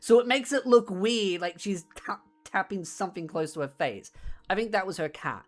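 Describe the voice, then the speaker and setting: A woman streamer in casual chat on a desk mic, retelling things in a rambling, animated way. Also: mid-range voice, normal speed.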